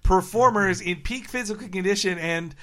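A man's voice: high-pitched, normal speed. A man co-hosting a podcast, chatting casually and acting out quotes with jokey energy. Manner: animated, jokey, acts out quotes. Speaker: podcast co-host. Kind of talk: casual chat.

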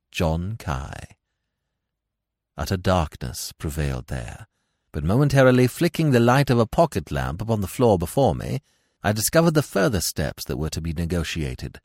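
A man narrating a classic suspense story in a dramatic, expressive storytelling manner, recorded on a close studio microphone. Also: lowish voice, dry recording. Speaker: podcast narrator. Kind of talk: scripted audiobook narration.

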